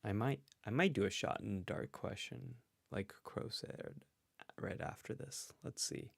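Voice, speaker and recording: A man's voice: lowish voice, unhurried, gravelly, no echo. A man hosting a casual livestream, thinking aloud and reading out chat comments. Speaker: host and psychologist. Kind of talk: casual livestream guessing game.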